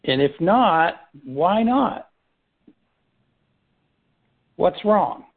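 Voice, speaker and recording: A man's voice: sits high, big pitch swings, extremely slow, creaky. Man coaching a team over a phone line. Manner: repetitive restarts, rhetorical questions. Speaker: firm leader running a team meeting. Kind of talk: coaching talk in a business meeting. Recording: tinny phone-line sound.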